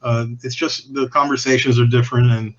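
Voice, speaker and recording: A man's voice: medium pitch, flat delivery, fairly quick, lo-fi sound. A man guesting on a podcast, telling cigar-industry stories in a candid, profane, rambling way that often restarts and trails off. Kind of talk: casual anecdotal storytelling.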